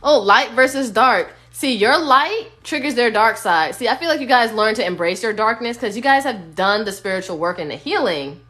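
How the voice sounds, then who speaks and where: Woman, tarot reader, blunt casual talk, sings snatches of songs, phone live stream, higher voice. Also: animated, normal speed, few pauses, bright, forceful tone.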